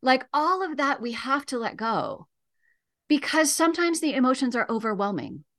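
A middle-aged woman, a grief educator, speaking as a guest on a radio interview in a calm, measured, reassuring way. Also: sits high.

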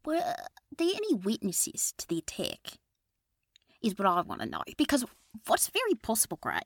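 A woman's voice: on the high side, huge pitch swings, moderate pace, no echo, clean studio sound, heavily acted. A woman playing a suspicious former FBI agent who now leads a mothers' group, talking in a conspiratorial way that often drops to a whisper. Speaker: improv guest. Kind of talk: improvised comedy character.

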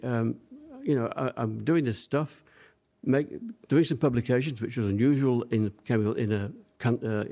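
A man's voice: medium pitch, creaky, darkish tone. Older man, rambling reminiscing storyteller. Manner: rambling reminiscing with many fillers. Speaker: interview guest.

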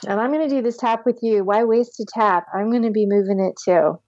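A woman guiding a tapping session with calm step-by-step instructions, sighing deeply between phrases. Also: fairly quick, no room sound, highs cut off. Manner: calm step-by-step instructions, leading group repetition. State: deep audible sighs and yawns between phrases. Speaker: tapping practitioner. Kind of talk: guided tapping session with breathing.

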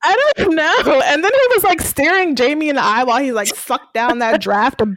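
A woman with a fairly high voice recaps a TV episode for a podcast, chatty and full of fillers, laughing often between beats. Her voice is close and dry, with no room sound around it. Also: expressive, normal speed, fairly bright tone, no echo, rough recording. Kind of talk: casual chat.

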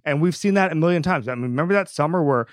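A man's voice: fairly high pitch, animated, rapid-fire, no echo. A man hosting a sports podcast, talking casually and emphatically with frequent restarts. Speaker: podcast host.

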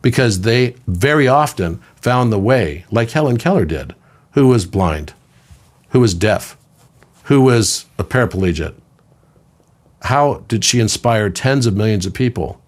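A man in his fifties, a podcast guest, talking in a conversational, storytelling way, sometimes doing voices for quoted people. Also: unhurried. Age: 50s. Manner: animated storyteller, puts on high voices for quoted children.

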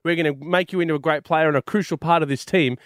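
An Australian man co-hosting sports radio, excitable and quick with asides. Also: fairly high pitch, no echo, clean studio sound. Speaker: radio co-host.

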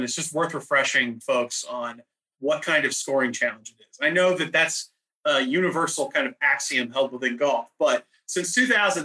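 Man, podcast stats analyst, bright tone, slightly high voice, casual chat. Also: poor audio. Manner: data-heavy, measured explanations.

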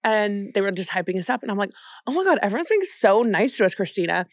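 A woman's voice: medium pitch, big pitch swings, quick pace, no echo, studio quality. A young woman co-hosting a podcast, telling stories in casual chat and acting out what people said. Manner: chatty storytelling, acts out quotes. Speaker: podcast co-host.

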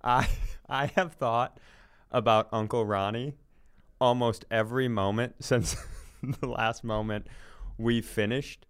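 A man's voice: medium pitch, fairly even intonation, slow, smooth. A man co-hosting a comedy podcast, playfully building absurd bits and laughing often in casual banter.

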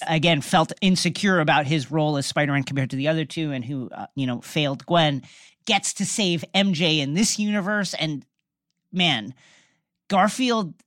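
A woman with a low-pitched voice walks through a film's plot in an easygoing conversation. She tells it with lively energy and frequent restarts. The recording is dry and close. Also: no echo. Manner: animated storytelling, many restarts. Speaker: podcast co-host recapping a film. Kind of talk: casual chat.

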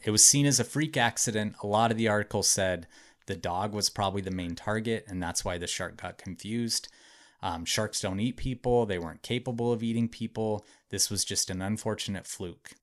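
Low-voiced man telling a story. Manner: chatty, hedging with frequent "like" and "um". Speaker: podcast host telling a true story. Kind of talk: casual storytelling narration.

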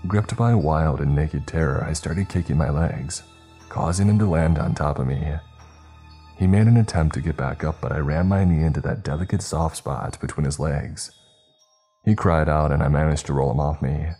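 A man narrating a first-person story in a steady, even retelling. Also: very deep voice, moderate pace, soft background music.

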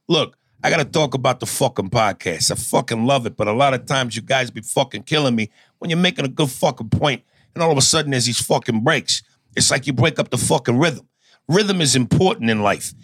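A man doing a crude, hot-tempered Italian-American heavy with a thick Jersey accent, swearing through every sentence as he rants about rhythm and busting jaws. The sound is dry and close, with no room around it. He keeps up a steady, middle-of-the-road pitch for a grown man. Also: a little fast, slightly rough, no room sound. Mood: ranting. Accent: New Jersey Italian-American. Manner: profane, aggressive, ranting. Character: foul-mouthed Italian-American Jersey thug, male, middle-aged, violent. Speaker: podcast host.

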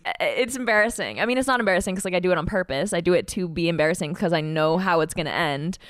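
A young woman of twenty talks quickly in a lowish voice, sarcastic and blunt about herself. The sound is close and dry, with no room around her, as if on a podcast mic. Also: fairly bright tone, dry recording. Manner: sarcastic, candid, laughs at herself. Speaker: podcast guest, pop singer. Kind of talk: casual podcast chat.

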